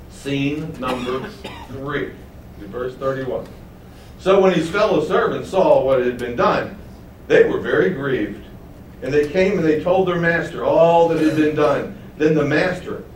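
Slow, echoey male preacher. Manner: reads verses then explains them, acting out voices in a higher pitch. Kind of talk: sermon. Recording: roomy echo, voice from a distance, faint background noise.

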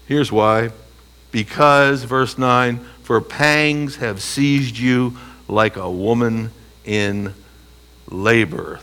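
Bright-voiced man teaching Bible study. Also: mid-range voice. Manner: emphatic, asks rhetorical questions and answers them; reads scripture aloud and comments between phrases.

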